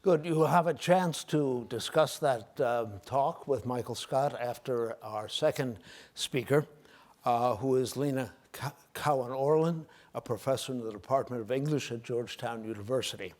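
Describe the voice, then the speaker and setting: A man moderating a panel, reading a formal introduction of the next speaker in a measured way. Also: mid-range voice, darkish tone.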